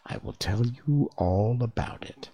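A man voicing a sorrowful little male humbug wizard, gentle and apologetic, speaking softly. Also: medium pitch, lively intonation, unhurried, husky. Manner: apologetic, gentle, soft-spoken.

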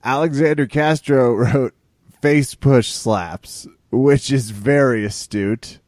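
A man's voice: medium pitch, slow, a little mellow, no echo. A man co-hosting a casual podcast, laid-back and joking as he reads comments. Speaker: podcast co-host.

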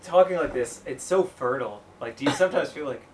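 Male comedian guest, playful riffer, mid pitch, distant mic with faint background noise. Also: expressive, quick pace, darkish tone. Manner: playful, riffs on odd ideas, asks many questions. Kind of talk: casual comedy chat.

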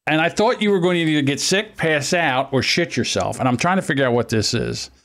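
A man's voice: on the high side, a little fast. A man hosting a casual podcast chat over an online call, telling stories and acting out what others said. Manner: animated storytelling, acts out quotes. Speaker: podcast host.

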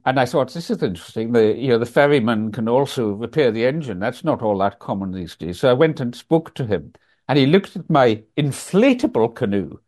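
A man's voice: medium pitch, lively intonation, a little fast, a little mellow. Reflective older man. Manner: reflective, frequent ums and restarts. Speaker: guest. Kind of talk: storytelling in a conversational interview.

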